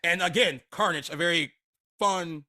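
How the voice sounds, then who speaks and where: A man's voice: fairly high pitch, normal speed, sharp tone. A man co-hosting a movie news podcast, talking bluntly in casual chat, laughing often and trailing off mid-sentence. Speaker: podcast co-host.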